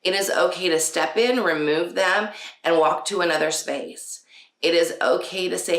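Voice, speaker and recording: A woman's voice: fairly low pitch, moderate pace, a bit bright. A woman hosting a casual parenting talk, chatty, with frequent laughs and many fillers. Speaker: podcast host. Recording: roomy echo.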